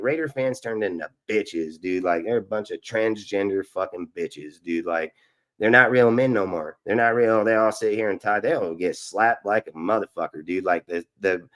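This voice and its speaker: A man's voice: fairly low pitch, a bit bright. A man hosting a live sports stream, ranting in an aggressive, profane and boastful way. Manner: boastful, repetitive. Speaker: sports show host.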